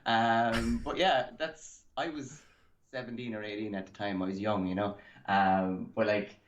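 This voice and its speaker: A man's voice: lowish voice, fairly even intonation, unhurried, a little hiss or hum. Rambling Irish man, echoey call. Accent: Irish, Cork. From Ireland. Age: 30s. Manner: rambling, full of fillers and likes. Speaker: guest artist. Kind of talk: casual chat. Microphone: video call. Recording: echoey, dull video call audio.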